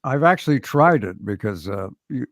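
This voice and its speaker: Gravelly older man, relaxed and self-deprecating. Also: medium pitch, normal speed, no echo, clean studio sound. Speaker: voice actor guest. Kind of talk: casual interview chat.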